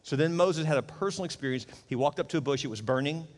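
Middle-aged male pastor, chatty sermon delivery with acted-out quotes, slightly high voice, big reverberant room. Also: quick pace. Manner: conversational, acts out quoted voices.

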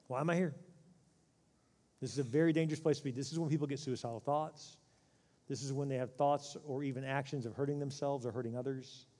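A man's voice: a little high, darkish tone. A middle-aged man preaching a sermon as a pastor, in a conversational way that acts out quoted voices. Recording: long hall reverb.

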